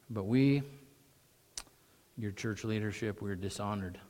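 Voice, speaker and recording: A middle-aged male pastor preaching a sermon, animated, his voice rising sharply when he mocks with sarcasm, often clearing his throat. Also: on the low side, unhurried.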